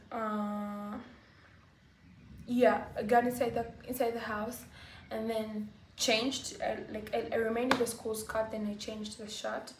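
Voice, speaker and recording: A woman vlogger telling a personal story to camera, halting and full of fillers like "like" and "you know". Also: a little high. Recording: roomy echo, faint background hiss.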